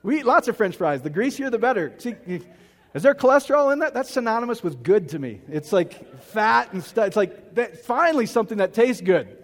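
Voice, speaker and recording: A man's voice: high-pitched, very animated, fairly quick. A middle-aged male pastor giving a rambling, joking sermon, often asking the crowd if it makes sense. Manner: rambling, self-mocking, often asks the crowd. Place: church hall. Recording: hall reverb.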